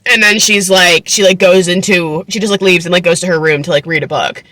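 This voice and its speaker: A woman's voice: fairly low pitch, fairly even intonation, a little fast, a bit bright, dry recording. A woman in her twenties recapping a book casually, chatty and incredulous, full of fillers and swearing. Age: 20s. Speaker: book vlogger.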